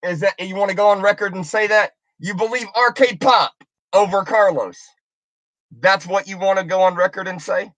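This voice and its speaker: A woman's voice: medium pitch, normal speed, no room sound. A woman delivering an angry, profane, confrontational rant on her video channel, taunting the person she is addressing. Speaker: YouTuber.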